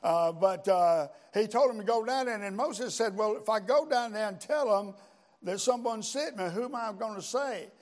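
An older man with a drawl delivers a sermon, mixing his own life story with scripture. His voice sits on the high side for a man, and his folksy delivery is full of amens and hesitant pauses. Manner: folksy storytelling, frequent "amen" and "uh". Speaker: preacher. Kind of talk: sermon with personal testimony.

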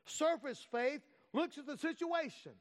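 A man's voice: very high-pitched, lively intonation, unhurried. A man preaching a sermon, stressing and drawing out key words for emphasis. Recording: long reverb of a large hall.

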